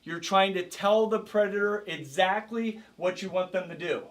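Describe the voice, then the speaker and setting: A male karate instructor teaches a self-defense class, energetically coaching a group of participants and calling out drills. His voice sits high and he speaks at a normal speed.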